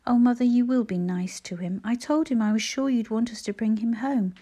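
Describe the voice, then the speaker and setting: A woman's voice: fairly high pitch, a little fast, mellow, lightly acted. A woman voicing an eager, earnest young girl in a storybook reading, pleading and breathless.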